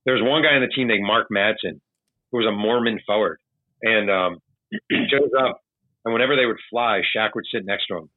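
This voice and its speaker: A man with a fairly low voice tells animated stories in a relaxed, chatty way. He slips into the voices of the people he quotes. The sound is dry and tinny, like a remote call line. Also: fairly quick, dry recording. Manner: animated anecdotal storyteller, acts out quotes. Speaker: author guest. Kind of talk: casual storytelling.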